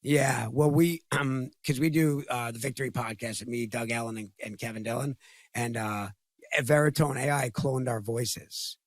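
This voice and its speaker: A middle-aged man talking as a podcast guest in casual conversation, halting and often repeating his words. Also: mid-range voice, fairly even intonation, no room sound.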